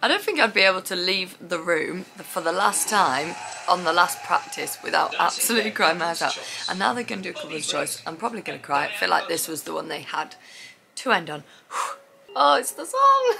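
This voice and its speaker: Excitable gushing woman with a gravelly edge. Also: on the low side, a little fast, poor audio. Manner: excitable, gushing, squeals and laughs. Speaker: dance vlogger reacting to a TV show. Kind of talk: casual reaction commentary. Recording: loud TV music behind the voice. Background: TV show music playing.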